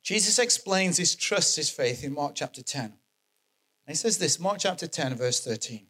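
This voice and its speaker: A man preaching a sermon, animated and emphatic, repeating his key phrases for effect. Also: fairly high pitch, moderate pace.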